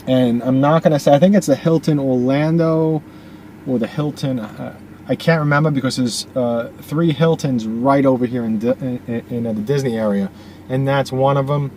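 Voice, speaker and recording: A man's voice: medium pitch, moderate pace. A man with a dry, worn voice narrating a driving tour from his car, rambling with many fillers and restarts. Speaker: real estate agent giving a driving tour. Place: inside a moving car. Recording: loud car and air-conditioning noise.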